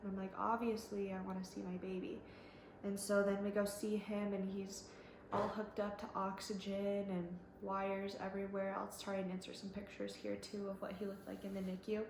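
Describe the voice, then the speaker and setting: A woman's voice: mid-range voice, completely flat delivery, normal speed, noisy background. A young woman telling her own story in a casual, chatty way, full of likes and ums and quoting what others said. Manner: chatty, fillers, quotes others. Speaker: vlogger. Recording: echoey room with faint ambience.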